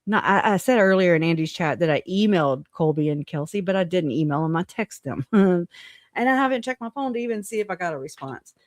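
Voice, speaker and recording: A woman's voice: on the low side, lively intonation, brisk, no room sound, clean studio sound. A woman hosting a casual livestream, talking bluntly with swearing and frequent laughter between remarks. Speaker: livestream host.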